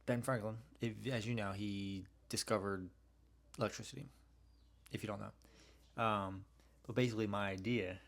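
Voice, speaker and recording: A man's voice: lowish voice, steady tone, normal speed, long pauses. A man hosting a casual solo podcast, telling stories in a rambling, slangy way with frequent swearing. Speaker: podcast host.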